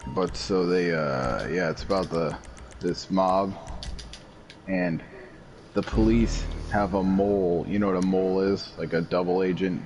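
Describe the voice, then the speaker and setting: A man chats casually while gaming, rambling and explaining things at length in a low, unhurried voice with a darkish tone. Noisy game audio plays behind him.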